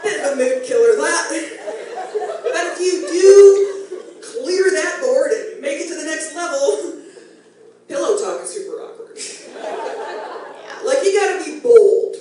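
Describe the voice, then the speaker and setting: A middle-aged woman performing a self-deprecating stand-up comedy set, chatty with animated asides. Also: very high-pitched, a little slow, slight background noise. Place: comedy club stage, live audience. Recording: echoey room, distant, faint ambience.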